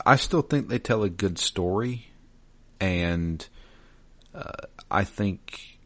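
A man co-hosting a podcast in casual chat, reading a listener's message aloud in a relaxed, slightly hesitant way. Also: deep voice. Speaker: podcast co-host.

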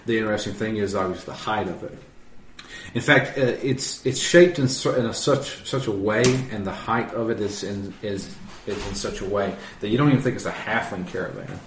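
A man's voice: fairly low pitch, brisk, distant mic. A man running a tabletop game as game master, narrating in a loose, rambling way with many restarts. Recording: roomy echo, faint noise.

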